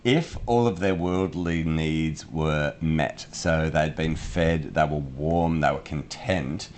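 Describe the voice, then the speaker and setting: A man co-hosts a podcast, explaining ideas in casual conversation using everyday examples and restarting himself often. His voice is extremely low and slow, a little mellow, with a slight hiss or hum.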